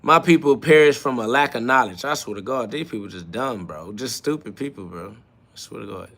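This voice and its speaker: A man's voice: medium pitch, lively intonation, fairly quick, fairly bright tone. A man hosting a live-stream podcast, reading out chat comments and answering them in a confrontational, profane, mocking way. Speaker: livestream podcast host.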